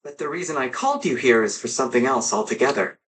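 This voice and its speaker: An actor voicing a kind, composed young male hero in a video game, speaking softly and sincerely. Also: medium pitch, lively intonation, fast talker, lightly acted, rough recording.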